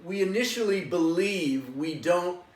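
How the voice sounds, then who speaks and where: A man teaching a yoga and meditation class, coaxing listeners to join him in loud, forceful chanting. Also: sits high, lively intonation, a little slow. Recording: echoey room, voice from a distance.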